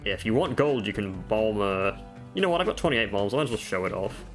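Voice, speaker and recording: A man's voice: on the low side, expressive, quick pace, music in the background. A man giving casual gameplay commentary at home, chatting through game tips with offhand self-mocking jokes. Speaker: gaming video creator. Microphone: desk microphone.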